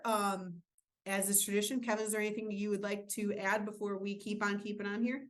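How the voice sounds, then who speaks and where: A woman's voice: mid-range voice, flat delivery, brisk. A woman presenting an insurance training webinar, explaining rules in a casual way with filler words and joking asides. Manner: casual, self-deprecating asides.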